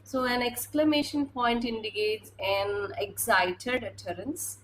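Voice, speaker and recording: Slow, hesitant woman teacher. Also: fairly high pitch, a bit bright, slight background noise, rough recording. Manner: hesitant, many fillers and restarts. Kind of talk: classroom lecture.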